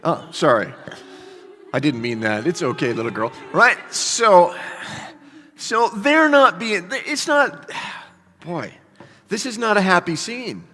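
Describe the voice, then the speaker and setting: A male pastor preaches with animated storytelling and casual asides, his pitch rising and falling freely. His voice is very bright and cutting. It rings through a church hall with a long reverb. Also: slow, pauses often. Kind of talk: sermon.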